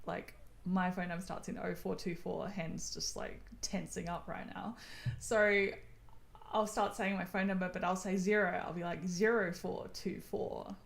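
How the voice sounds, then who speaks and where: A woman's voice: lowish voice, gravelly. An Australian woman chatting casually on a gaming stream, laughing often. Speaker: stream co-host. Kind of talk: casual chat while gaming. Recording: echoey room with faint ambient noise.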